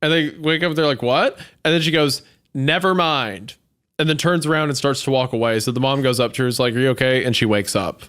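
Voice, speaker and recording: A man's voice: mid-range voice, steady tone, fast talker, few pauses, fairly bright tone, clean tone. A man hosting a casual podcast, chatting with many fillers and restarts and laughing often while he reads a spooky story aloud. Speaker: podcast host reading a story. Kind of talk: casual chat and story reading.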